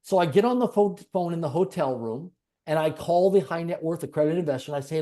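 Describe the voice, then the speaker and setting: Speaking at a quick pace with lively intonation, this man has a warm voice that sits on the high side. As an interview guest, he shares a personal story earnestly, with phrasing that repeats and piles up.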